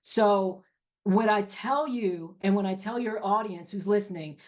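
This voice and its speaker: A middle-aged woman speaking as an interview guest at an ordinary, middle pitch. She tells her story with animated emphasis and leans on conversational check-ins as she goes. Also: a little slow. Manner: animated, emphatic storyteller with frequent "you know" and "right?". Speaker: entrepreneur guest.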